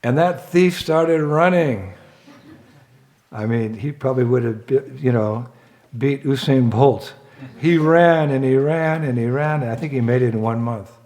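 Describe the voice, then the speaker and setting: A man tells a story as part of a temple sermon, slipping in humorous asides. He speaks at a slow, relaxed pace, at a middle pitch.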